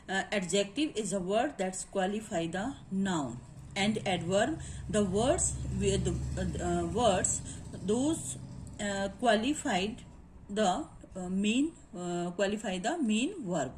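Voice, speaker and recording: A woman teacher giving a lecture on grammar, halting often, repeating points and slipping in Hindi phrases. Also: mid-range voice, darkish tone, slight background noise. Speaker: English teacher. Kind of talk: classroom lecture.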